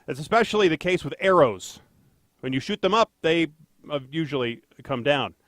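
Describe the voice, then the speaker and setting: A man's voice: on the high side, animated, normal speed, a bit bright, no room sound. A man co-hosting a casual podcast, rambling and joking with lots of fillers and self-deprecating asides. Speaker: podcast co-host, traffic anchor.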